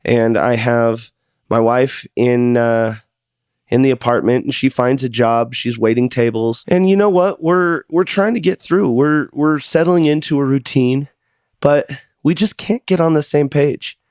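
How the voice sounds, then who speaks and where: A man's voice: medium pitch, measured pace, darkish tone, clear, resonant tone, dry recording, clean studio sound. A man hosting a podcast, telling a personal story in an earnest, confessional way and sometimes repeating words as he goes. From United States. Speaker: podcast host.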